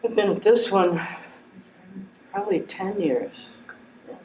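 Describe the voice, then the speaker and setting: A man's voice: high-pitched, takes it slowly, a little mellow, a little hiss or hum. Middle-aged man, role-play client, hesitant, rambling, lots of fillers, roomy echo. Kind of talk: clinical interview role-play.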